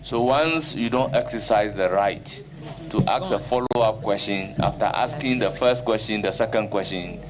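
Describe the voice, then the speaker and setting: A man chairing a committee hearing, brisk and procedural. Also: lowish voice, background noise.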